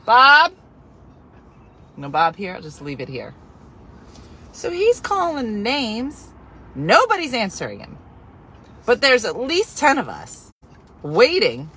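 A woman telling a comic story in an animated, exasperated way, with sarcastic asides. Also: mid-range voice, slight background noise.

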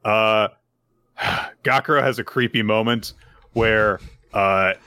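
A man's voice: fairly low pitch, takes it slowly, smooth, dry recording. A man co-hosting a podcast, casually recapping a manga chapter and acting out the characters' lines. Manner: animated retelling with acted-out quotes. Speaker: podcast co-host.

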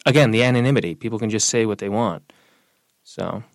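A young man in an interview, talking casually and telling personal stories, relaxed and lively when quoting other people. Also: lowish voice, a little fast, no echo. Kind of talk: casual conversational storytelling.

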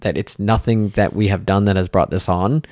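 A man's voice: deep voice, fairly even intonation, moderate pace, a little mellow, no room sound, clean studio sound. A man co-hosting a family podcast in casual chat, rambling and restarting his sentences often. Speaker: podcast co-host.

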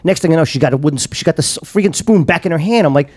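This is a middle-aged man from Long Island co-hosting a podcast. He teases his friend and tells stories with a laugh. His voice sits a little higher than most men's. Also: very fast, darkish tone. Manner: teasing, laughing storyteller. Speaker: podcast co-host. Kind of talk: casual chat.

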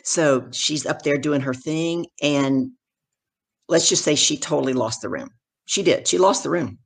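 A middle-aged woman, a professional speaker and guest, telling stories from her career in animated conversation and acting out the people in them. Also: low voice, a little slow, gravelly, slightly rough. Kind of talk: conversational storytelling.

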